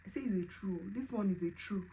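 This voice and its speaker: In a vlog, a woman with a medium-pitched voice tells her personal story a little fast, acting out what others said in lively, animated voices. The audio is poor, with a little hiss or hum.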